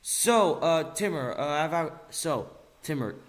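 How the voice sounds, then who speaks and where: Heated and profane, a man rants sarcastically in a vlog, cursing and hammering phrases through repetition. His slightly high voice is expressive and moves at a measured pace.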